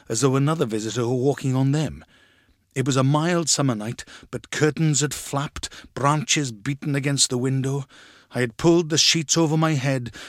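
A man narrating a story in a measured, expressive reading. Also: medium pitch, dry recording, studio quality.

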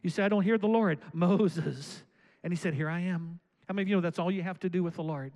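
A man preaching a sermon, reading scripture aloud and commenting on it, and building up to shouted calls to the congregation. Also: high voice, racing, rough recording. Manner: preaching with rising, shouted exhortations. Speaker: pastor.

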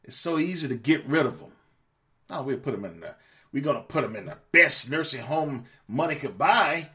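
A man's voice: medium pitch, lively intonation, normal speed, pushed and bright. A man hosting a podcast, ranting angrily and profanely at his listeners, scolding them and repeating words as he gets worked up. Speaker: podcast host. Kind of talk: angry monologue rant.

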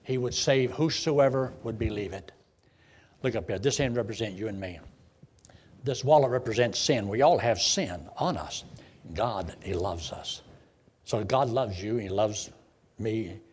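A man, a preacher telling his conversion story in a folksy way, swinging from loud bursts to hushed lows. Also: unhurried, a little hiss or hum. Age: 70s. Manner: folksy storytelling with sudden emotional swells and hushed drops. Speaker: preacher giving his testimony. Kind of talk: sermon testimony.

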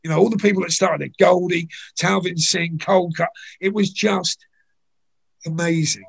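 An older man, a guest in an interview, telling anecdotes in a chatty way full of "you know"s, with a gravelly, husky voice. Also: high-pitched, fairly even intonation, moderate pace. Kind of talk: conversational storytelling.

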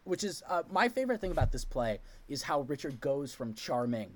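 Recapping a play on his podcast, a man with a medium-pitched voice talks fairly quickly. The chat is casual and jokey, and he tells the story with animation, dropping into quoted voices.

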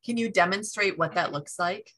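A woman hosts a relaxed interview and breaks in with quick nods of agreement. Her voice is low-pitched yet bright and forceful. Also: breathy edge. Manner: brief listening responses, anecdotal. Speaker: podcast host. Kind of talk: casual interview talk.

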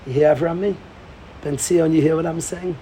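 A middle-aged man giving an informal Torah talk to a group, excitable and repetitive, often restarting his sentences. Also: fairly high pitch, moderate pace, a little hiss or hum. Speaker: Torah teacher.

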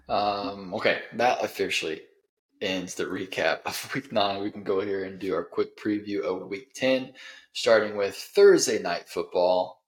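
A man with a very low voice hosts a casual sports podcast. His delivery is dry and sarcastic, and he leans on ums between his thoughts. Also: a little slow. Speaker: podcast host.

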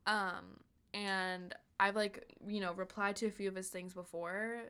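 A woman's voice: mid-range voice, steady tone, a little slow, pushed and bright, clear, resonant tone. A young woman co-hosting a podcast, chatting casually and telling a story full of fillers. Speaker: podcast co-host. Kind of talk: casual chat.

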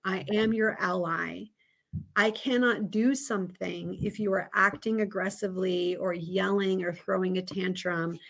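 A woman's voice: medium pitch, fairly even intonation, measured pace, creaky, a bit bright. A woman in her thirties, a podcast guest, telling a candid, reflective story about parenting in a casual interview.

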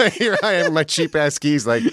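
A man's voice: on the high side, big pitch swings, unhurried, a bit bright. A man appearing as a comedian guest on a podcast, chatting casually, joking and laughing a lot. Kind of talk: casual chat.

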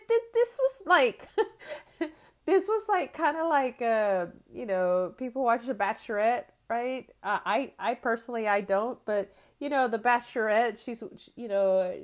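A woman in her fifties who hosts a podcast, teaching on faith in a chatty style and often asking "right?" as she goes. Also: fairly high pitch. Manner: conversational, frequent "right?" and restarts. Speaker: podcast host.

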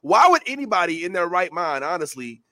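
High, excitable male podcast host. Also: brisk. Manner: emphatic, excitable, swears freely. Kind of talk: casual chat.

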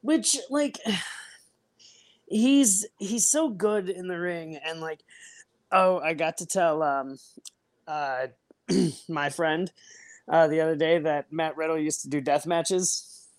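A podcast co-host talking over a remote call, rambling in quick bursts with lots of fillers and laughter. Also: mid-range voice. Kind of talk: casual chat.

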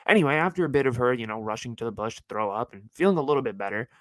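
A man in his twenties from California, telling a story on his podcast in an animated, chatty way. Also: mid-range voice, racing, dry recording, low-quality recording. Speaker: podcast host.

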